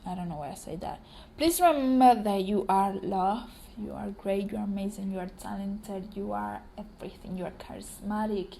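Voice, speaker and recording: Hoarse young woman, creaky rambling podcaster. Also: mid-range voice, normal speed, a little hiss or hum. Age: young adult. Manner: rambling, warm affirmations, frequent ums. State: hoarse, voice cracking. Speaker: podcast host. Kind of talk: casual solo podcast chat.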